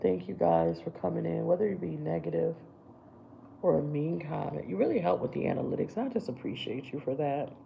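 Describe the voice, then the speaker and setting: A woman's voice: low voice, animated, brisk, creaky, muffled recording, a little hiss or hum. A woman hosting a casual makeup livestream, chatting to viewers as she works on her brows. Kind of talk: casual live makeup chat.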